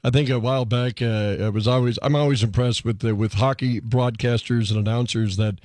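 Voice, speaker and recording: A man's voice: medium pitch, fairly even intonation, brisk, darkish tone, no echo. A man hosting a radio show, chatting casually and rambling through his questions with lots of false starts. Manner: rambling, hesitant, many fillers and restarts.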